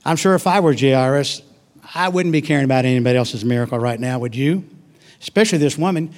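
A man preaching a sermon and reading scripture, acting out voices and swinging from loud to soft. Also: medium pitch, moderate pace.

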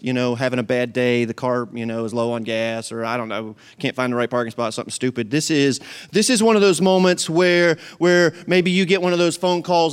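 A man preaching a sermon, retelling a Bible story in an animated, dramatic way with jokes and asides to the congregation. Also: medium pitch. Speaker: pastor.

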